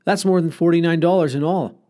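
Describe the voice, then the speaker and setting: A man's voice: fairly high pitch, a little fast, dark tone, voice pushed up, close to an everyday voice. A man voicing a worried, cautious schoolboy who keeps asking questions, in a storybook reading. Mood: anxious. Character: anxious schoolboy narrator, cautious.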